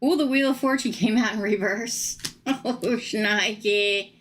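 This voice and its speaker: A woman reading tarot on a live stream, chatty and animated, laughing often. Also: mid-range voice, a little slow, a little hiss or hum. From United States. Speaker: tarot reader.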